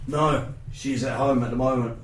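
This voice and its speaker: A man voicing a mild, polite boatman who weighs things slowly, in a tabletop game. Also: medium pitch, steady tone, lightly acted. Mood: plain. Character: mild polite male boatman, slow to decide. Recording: distant echoey room with background noise.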